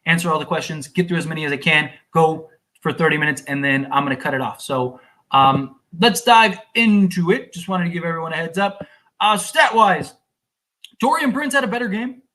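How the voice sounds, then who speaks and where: A man hosting a sports livestream, fuming and exasperated as he rants and recaps the game, sometimes shouting. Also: sits high. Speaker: sports podcast host.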